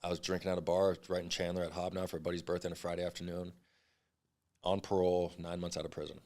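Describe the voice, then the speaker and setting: Man in his 30s, deep voice, rapid blunt storytelling, swears a lot, interview guest. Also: little pitch movement, a little mellow. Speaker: podcast guest.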